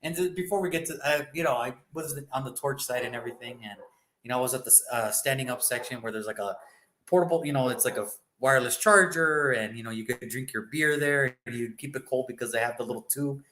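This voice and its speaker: A man's voice: mid-range voice, fast talker, bright, forceful tone, reverberant, poor audio. A man co-hosting a sports show, chatting loosely about football picks and rambling as he swears freely. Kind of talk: casual sports prediction chat.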